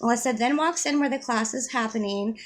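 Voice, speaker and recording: Upset woman retelling a story, higher voice. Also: a little fast. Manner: rambling, upset retelling with many fillers and restarts. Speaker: mother telling her story. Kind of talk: casual first-person storytelling to camera.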